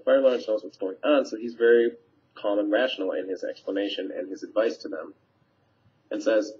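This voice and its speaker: A man's voice: lowish voice, darkish tone. A man, a teacher, casually summarizing a play scene for students, paraphrasing lines with fillers, recorded on a webcam mic. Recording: dull lo-fi webcam audio.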